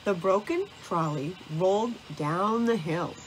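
A woman narrating a children's storybook, reading in a slow, deliberate way. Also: mid-range voice, expressive, a bit bright, a little hiss or hum.

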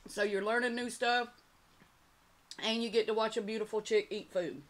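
A woman's voice: fairly high pitch, fairly even intonation, normal speed. A woman hosting an eating show, chatting casually and talking straight to her viewers. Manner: chatty, addresses viewers as y'all. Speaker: mukbang channel host.

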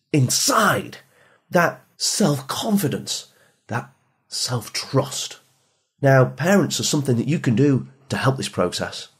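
Husky man giving an emphatic motivational talk. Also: mid-range voice. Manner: emphatic, repeats phrases, drops soft for emphasis. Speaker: motivational speaker for teens.

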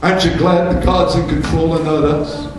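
High-voiced preacher in an echoey church. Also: male voice, little pitch movement, moderate pace, noisy background. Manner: preaching with rising fervor, rhetorical questions. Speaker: pastor. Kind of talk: sermon. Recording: echoey church room, mic from a distance.

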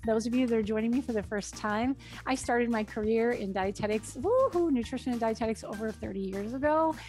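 A woman in her fifties, a registered dietitian, giving a lively live nutrition talk from her kitchen with enthusiastic cheers. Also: a little high. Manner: upbeat and enthusiastic, with cheering exclamations. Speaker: registered dietitian and cooking show host. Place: home kitchen.

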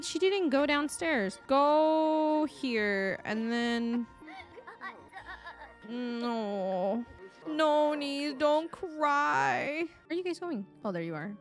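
A woman streaming a life-sim game, chatting excitably with frequent gasps and laughs. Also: high voice. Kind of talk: casual gameplay commentary.

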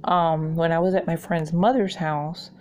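A woman's voice: deep voice, fairly even intonation, unhurried, a little mellow. A woman, hosting a craft channel and telling rambling stories in a casual chat while she works, laughing often. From New York.

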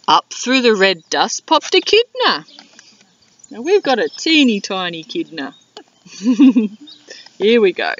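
A woman teacher reading a picture book aloud to young children in an animated, drawn-out way. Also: medium pitch, recorded from a distance. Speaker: primary school teacher. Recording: dull lo-fi video sound.

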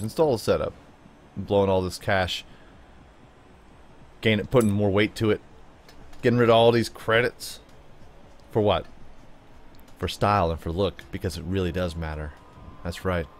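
A male gaming YouTuber speaks at a moderate pace with long pauses, giving playful, chatty commentary to his car and his viewers. Every so often he jumps up into high, silly tones.

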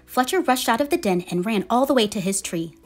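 A woman reading a children's picture book aloud in a gentle, expressive storytelling manner. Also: on the high side, a little fast, faint music behind. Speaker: storybook reader.

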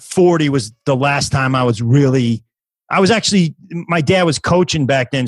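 A man's voice: medium pitch, no room sound, rough recording. A man in his fifties, a comedian guest on a podcast, telling a story in casual chat with many restarts and false starts. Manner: rambling with many restarts and acted quotes.

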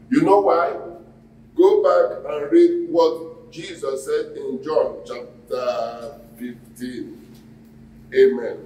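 A man's voice: fairly high pitch, slow, warm tone, slight background noise. A man, a pastor preaching a sermon and quizzing the congregation in call-and-response. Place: church hall. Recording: echoey hall, mic at a distance.

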